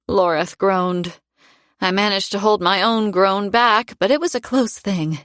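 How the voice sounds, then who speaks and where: A woman narrates a fantasy story in first person, in a middle-pitched voice with a measured, expressive delivery. The sound is dry and close, with no room around it. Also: clear, resonant tone, no room sound. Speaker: audiobook narrator.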